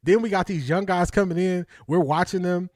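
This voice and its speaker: Male streamer host, higher voice, dry close mic, animated slangy commentary. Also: brisk, dry recording. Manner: animated, slangy, laughs often, talks to chat. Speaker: livestream host. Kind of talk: casual livestream commentary.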